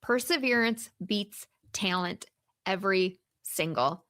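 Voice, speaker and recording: A woman hosting a solo motivational podcast as a career coach, encouraging and emphatic, slowing down to stress key points. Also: medium pitch, fairly bright tone, no room sound, clean studio sound.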